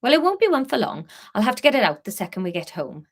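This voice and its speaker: Chirpy coy welsh man as a lady reads him out, singsong and high, stretches words, whines a bit. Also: big pitch swings, fast, heavily acted. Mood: cheerful. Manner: lilting, bending syllables, whiny when teased. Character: cheerful coy man hiding a surprise.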